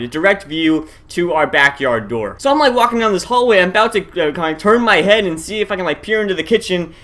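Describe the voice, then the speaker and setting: Lively young man telling a story. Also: a little high. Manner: animated, addresses viewers as guys, shouts at tense moments. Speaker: vlogger. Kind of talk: casual storytelling to camera.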